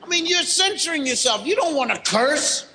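A man doing a stand-up routine, exasperated, mimicking parents with rapid repeated phrases. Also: extremely high pitch, very animated, bright, forceful tone, roomy sound, a little hiss or hum, poor audio. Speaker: stand-up comedian.

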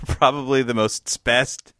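A man co-hosting a relaxed, profane conversation in a bright, forward voice of middle pitch. He drawls when reaching for words, heard close and dry. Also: dry recording. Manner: loose and profane, drawn-out when searching for words. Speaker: podcast co-host. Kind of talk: casual chat.

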